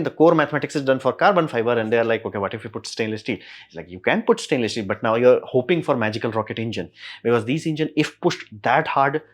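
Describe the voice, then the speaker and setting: A man at a middle pitch talks through a technical topic in a relaxed, slang-filled way. He is animated and keeps slipping into quick acted-out reactions as he explains. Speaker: YouTube tech explainer. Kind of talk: casual spoken explainer.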